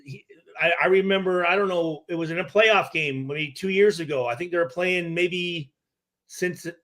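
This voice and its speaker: This Michigan native, a former player in his forties and guest analyst, speaks at normal speed in a high voice with a fairly bright tone. On a casual podcast he hesitates, restarts sentences a lot and swears freely.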